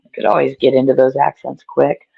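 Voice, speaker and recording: A man talks on a video call in a gravelly, fry-laden voice that wanders and trails off. He sounds self-deprecating and casual. The audio is dull and lo-fi, with a dry, close sound. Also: medium pitch, little pitch movement, fairly quick, dry recording. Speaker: guest author.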